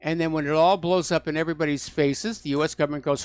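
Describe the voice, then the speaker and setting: A man's voice: a little high, fairly even intonation, fast, few pauses, no echo. A man hosting a call-in radio talk show, delivering opinionated, mocking rants.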